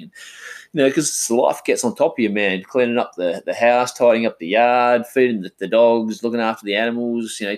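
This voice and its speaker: An Australian man in his thirties talks at home into an omnidirectional mic, his voice sitting a little low. He rambles in a laid-back way, swears casually and keeps tossing in "man". It is an easygoing solo chat. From Western Australia.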